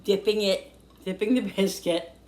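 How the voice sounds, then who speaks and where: A woman hosting a casual cooking vlog from her home kitchen, gushing and excitable about the food as she eats and talks. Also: medium pitch, a little slow, reverberant. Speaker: cooking vlogger.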